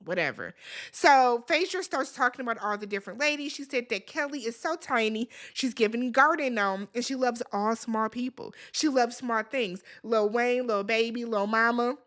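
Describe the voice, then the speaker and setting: A woman's voice: fairly high pitch, normal speed, few pauses, a bit bright. A woman hosting a casual recap of a reality TV show, blunt, sassy and profane as she scolds the cast directly. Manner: talks straight at the viewers and the cast, scolding them. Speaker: TV recap host.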